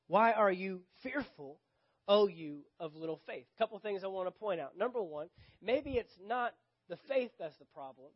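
A man's voice: sits high, lively intonation, moderate pace, slightly rough, lo-fi sound. A man preaching a sermon as pastor, with a Southern US accent, repeating key phrases for emphasis and acting out the dialogue of the scripture he reads. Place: church sanctuary.

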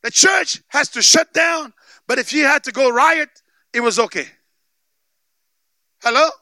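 A man preaching a sermon with emphatic call-and-response, often shouting for emphasis. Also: very high voice, a little slow, dry recording. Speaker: pastor.

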